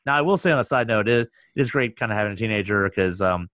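A man chatting on a casual podcast as the father of a teenage son, relaxed and joking. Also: on the low side, fast, no room sound. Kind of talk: casual chat.

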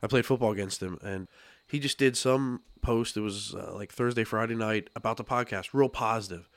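A low-voiced man hosts a podcast conversation in a dry, close studio sound. He talks in an upbeat, encouraging way, and his voice is a little worn, as if he is losing it. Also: a little fast, dry recording. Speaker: podcast host. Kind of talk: casual podcast chat.

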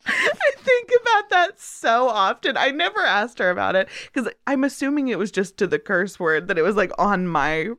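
Woman co-host, casual podcast chat, lots of laughter, lively swooping voice, dry close mic. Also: mid-range voice, moderate pace, hardly any pauses, no echo. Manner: laughs often, animated storytelling.

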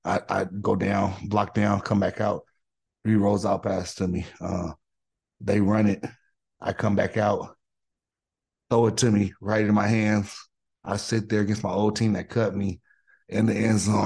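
A middle-aged man, a former pro football lineman, telling excitable stories with slang in a podcast chat. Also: lowish voice, unhurried, vocal fry, husky. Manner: animated, excitable storytelling with slang. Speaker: podcast guest, former NFL offensive tackle. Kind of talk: casual storytelling.

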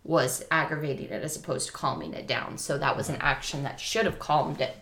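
A woman's voice: low voice, fairly quick, vocal fry, fairly bright tone, reverberant. A woman co-hosting a podcast, talking thoughtfully about a book and reading out passages. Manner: thoughtful, corrects and reads out passages. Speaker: podcast co-host. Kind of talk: casual book discussion.

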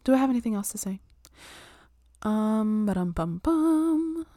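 A woman's voice: mid-range voice, steady tone, moderate pace, mellow, no room sound. Chatty young woman with a dry close voice. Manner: chatty, full of "like" and "um", swears casually. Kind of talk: casual spiritual self-care chat.

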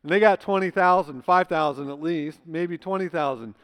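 A male pastor preaches a sermon in a church sanctuary, emphatic and conversational, putting rhetorical questions to his listeners. His voice is on the high side and a bit bright, at a moderate pace, with long church hall reverb.

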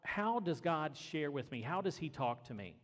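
Earnest guy telling his faith story, kinda high voice, lots of restarts, echoey hall. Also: very animated. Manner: earnest, confessional, halting restarts. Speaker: speaker sharing a personal testimony. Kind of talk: personal testimony talk. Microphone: handheld mic.

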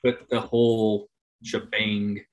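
A man in casual conversation, laid-back, swearing freely and trailing off softly at the ends of his phrases. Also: fairly low pitch, flat delivery, slow pace. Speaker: podcast guest. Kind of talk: casual chat.

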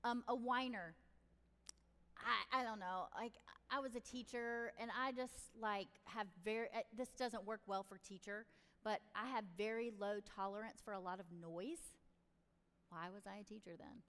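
A woman's voice: mid-range voice, normal speed, a bit bright, in a large hall. A middle-aged woman hosting a parenting talk, chatty and direct, often acting out what parents and kids might say. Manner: chatty, direct, acts out parent and child lines. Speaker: parenting podcast host. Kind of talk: casual advice talk.

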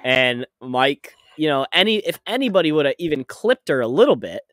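A man's voice: on the high side, sing-song, fairly quick, a bit bright, dry recording, studio quality. A young man co-hosting a podcast in casual chat, laid-back and laughing often, swearing casually. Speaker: podcast co-host.

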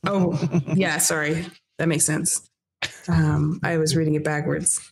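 Lower-voiced woman, playful casual chat. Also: level tone, measured pace, vocal fry. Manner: laughs often, playful.

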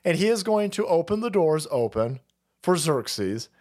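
A man's voice: fairly high pitch, very animated, a little slow, darkish tone. A man hosting a livestream, ranting and commenting profanely with frequent laughter. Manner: foul-mouthed, laughing, ranting. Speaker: streamer host.

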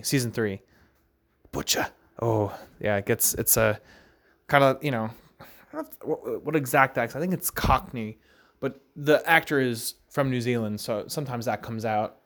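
A man hosting a casual solo podcast chat, rambling loosely with lots of "like" and "right?" and the odd easy laugh. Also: mid-range voice. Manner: rambling, filler-heavy, frequent "like" and "right?"; relaxed, laughs now and then. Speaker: podcast host.

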